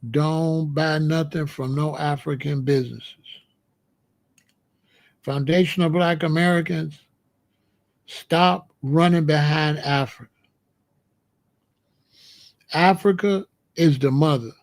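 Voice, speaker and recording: A man's voice: fairly high pitch, fairly even intonation, slow, pauses often. A man hosting a livestream, ranting and mocking viewers in the chat in a combative, profane way. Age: adult. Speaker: livestream host. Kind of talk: heated livestream rant.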